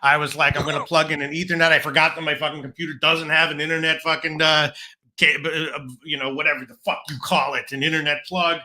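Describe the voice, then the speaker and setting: A man's voice: a little high, level tone, fast, sharp tone. A man co-hosting a betting show from a home studio, rambling and swearing freely. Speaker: co-host. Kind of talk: casual live-stream banter. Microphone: home studio setup.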